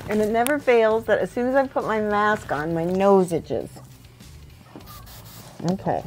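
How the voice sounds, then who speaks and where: A woman in casual livestream chat, talking through her work as she goes. She laughs often and thinks aloud in a voice of middling pitch. Soft music plays faintly behind her. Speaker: livestream host painting models. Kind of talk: casual chat while working.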